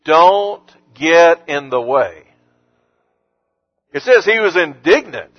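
A man with a notably high voice preaches a sermon in an earnest, pressing way. His tone climbs to emphatic force on the scripture he quotes. The recording sounds dull and lo-fi. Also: expressive, slow pace. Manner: earnest, rising to emphatic when quoting Jesus. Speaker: pastor.

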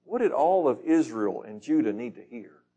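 A man's voice: medium pitch, very animated, moderate pace, dark tone. A man leading a Bible study, reading scripture aloud and putting questions to the group in a casual, conversational teaching manner.

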